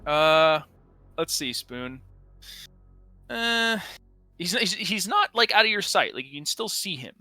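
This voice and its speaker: A man's voice: sits high, sing-song, takes it slowly, pauses often, bright, forceful tone, no echo, soft background music. A man running a tabletop game as game master, narrating casually with frequent swearing and hesitations.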